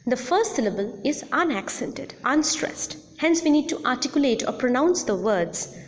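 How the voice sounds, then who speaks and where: A woman teaching English word stress in a recorded lesson, speaking deliberately and repeating each example word clearly. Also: sits high, very animated, long reverb tail.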